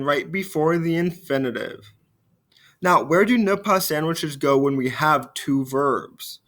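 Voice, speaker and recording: A man teaching a recorded French grammar lesson. He explains step by step, slows down to model the French phrases, and drops quietly at the ends of phrases. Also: mid-range voice. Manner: frequent fillers, trails off quietly at phrase ends.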